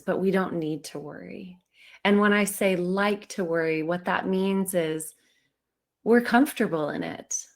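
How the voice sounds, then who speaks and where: Woman doing a chill spiritual livestream, slow and musing, laughs a lot. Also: on the low side, darkish tone. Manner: laughs easily, slow and reflective. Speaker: spiritual channeler hosting a livestream. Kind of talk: casual livestream talk.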